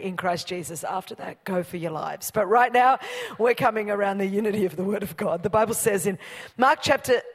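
An Australian woman in her forties, a guest preacher who jokes and banters with the congregation in an exuberant way. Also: on the high side. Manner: exuberant and joking, banters with the crowd. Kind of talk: preaching a sermon. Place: large church auditorium. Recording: long reverb of a big hall.

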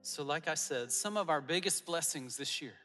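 A male pastor shares personal stories in a sermon, earnest and gentle. His voice is bright and slightly higher than most men's. Long reverb from a big church auditorium hangs on every word, with soft music underneath. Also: expressive, moderate pace. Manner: personal storytelling, earnest and warm-hearted with soft asides.

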